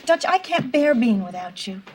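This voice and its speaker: A woman's voice: a little high, big pitch swings, normal speed, darkish tone, a little hiss or hum. An actress playing a theatrical, gushing woman from Connecticut who is visiting her jailed lover in a TV sitcom. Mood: melodramatic. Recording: sitcom with studio audience laughter.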